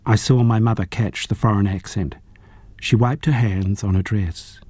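A man narrating a novel as an audiobook reader, in a measured, even storytelling manner. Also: lowish voice, slightly rough, no room sound. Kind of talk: audiobook reading.

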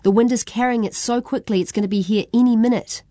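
A woman's voice: fairly high pitch, fairly even intonation, quick pace, mellow, no room sound, clean studio sound, voice pushed up, close to an everyday voice. A woman reading a young girl's urgent lines in a storybook. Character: girl, urgent and practical.

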